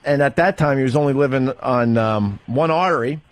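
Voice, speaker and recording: A male radio host telling a long personal story in casual talk, halting and rambling, laughing nervously through grim parts. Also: mid-range voice.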